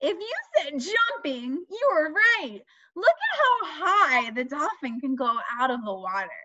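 A woman teaching young children, asking questions in a slow, sing-song way and stressing key words. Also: sits high, big pitch swings, sharp tone. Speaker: children's speech and language teacher. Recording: dull lo-fi dry recording.

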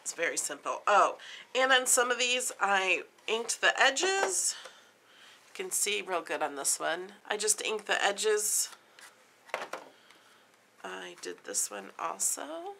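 A woman's voice: medium pitch, very animated, slow pace, vocal fry, pauses often, background noise. A woman craft vlogger casually showing off her handmade gift boxes in a chatty, homey way. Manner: chatty, plain and homey, pointing things out. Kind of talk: casual craft show-and-tell.

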